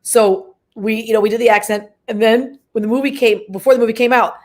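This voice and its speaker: A woman's voice: on the high side, a little fast. Talkative woman telling showbiz stories. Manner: lively storytelling, acts out quoted voices. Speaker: actress guest. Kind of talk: interview conversation.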